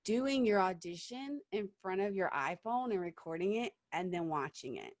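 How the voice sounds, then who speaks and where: A woman theatre director talks through audition tips in an informal online workshop, encouraging and full of fillers. Her voice sits mid-pitch and is picked up dry and close on a video call. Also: lively intonation, moderate pace, no echo. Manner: chatty and encouraging, frequent fillers and laughs.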